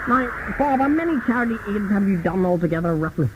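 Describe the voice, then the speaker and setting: A man's voice: high voice, expressive, fast, slight background noise. A man hosting a spoof chat show, introducing guests like a showman. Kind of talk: comic spoof talk show. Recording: phone-like lo-fi tape.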